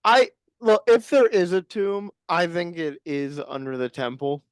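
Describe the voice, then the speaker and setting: Deadpan rambling podcast co-host, dry mic. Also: mid-range voice, measured pace, smooth, no echo. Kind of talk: casual comedic chat.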